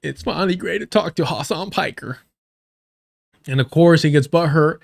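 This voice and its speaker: A man's voice: a little high, moderate pace, creaky, long pauses. A young man hosting a live stream, ranting with heavy profanity and scorn. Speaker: livestream host.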